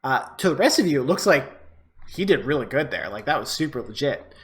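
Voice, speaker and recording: A man runs a tabletop game, narrating the scene in a relaxed, meandering way. He fills his description with ums and likes and keeps his voice at a middle pitch. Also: a little fast. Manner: relaxed, filler-heavy narration. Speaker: game master.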